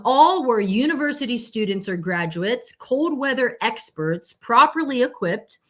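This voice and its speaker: Woman podcast host, casual and rambling, mid-pitched, live-stream chat. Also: fairly bright tone. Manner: chatty and rambling, with many fillers and self-corrections.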